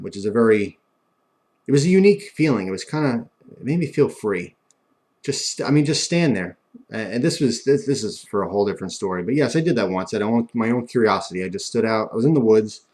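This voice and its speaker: A man's voice: fairly low pitch, a little mellow. A young man telling stories in a casual, rambling and self-mocking way, with frequent restarts. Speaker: vlogger. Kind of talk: casual storytelling.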